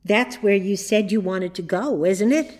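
A woman's voice: medium pitch, unhurried, a little mellow, natural voice. Woman doing a smug, teasing dream spirit. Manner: teasing, offhand.

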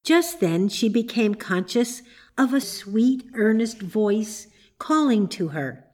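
A woman narrating a storybook in a measured, unhurried reading voice. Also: on the high side, lively intonation, darkish tone.

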